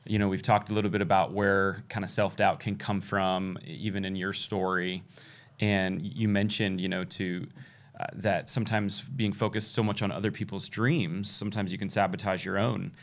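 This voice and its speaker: A man co-hosting a podcast, speaking thoughtfully with some halting restarts. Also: deep voice, flat delivery. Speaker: podcast co-host. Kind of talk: conversational interview.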